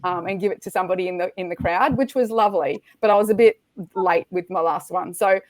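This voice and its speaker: Animated woman telling a story. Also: lowish voice, fast, no echo. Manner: lively, animated retelling with acted-out quotes. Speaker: podcast guest. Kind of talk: storytelling in casual chat.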